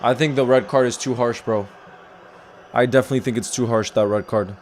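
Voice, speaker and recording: A man's voice: medium pitch, fairly even intonation, a little fast, a little mellow. A man hosting a live football watchalong, chatting casually, reacting to the match and reading out viewer comments. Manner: chatty, reads out viewer comments, talks to his pet. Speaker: football livestream host.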